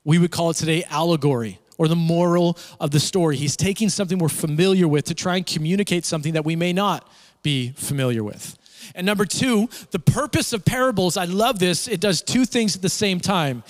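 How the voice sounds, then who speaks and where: A man with a fairly high voice delivers a sermon, building his points through repeated phrases. His voice carries a long reverb from a church hall. He moves between urgent emphasis and quieter prayer. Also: fairly quick. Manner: emphatic preaching with repeated phrases and rising intensity. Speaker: pastor.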